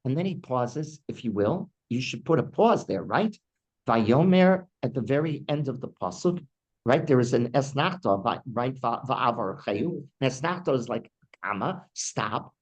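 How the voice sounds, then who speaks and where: A man's voice: sing-song, measured pace, rough recording. A man, a rabbi teaching a weekly Torah class, who asks his listeners many rhetorical questions and acts out the people in the text. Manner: acts out quoted speech with big pitch jumps. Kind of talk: Torah lesson.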